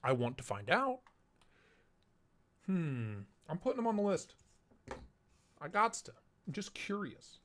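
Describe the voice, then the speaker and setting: A man's voice: sits high, big pitch swings, unhurried, long pauses, a bit bright. A young man hosting a casual live stream through a voice changer, chatting loosely and reading out chat messages.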